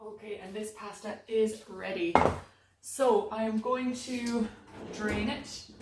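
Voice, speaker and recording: A woman's voice: medium pitch, level tone, slow pace, very noisy. Chatty woman cooking in an echoey kitchen. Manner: chatty, self-mocking humour. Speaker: cooking demo presenter. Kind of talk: live cook-along demonstration. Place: home kitchen. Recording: echoey kitchen, mic far off.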